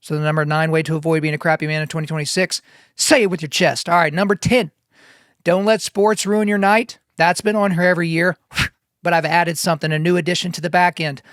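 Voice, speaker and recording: Man in his 40s, podcast host, motivational monologue, emphatic and preachy, slightly higher voice, dry studio sound. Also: level tone, brisk, a bit bright, clear, resonant tone, no echo. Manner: emphatic and preachy, repeats key phrases. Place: home studio.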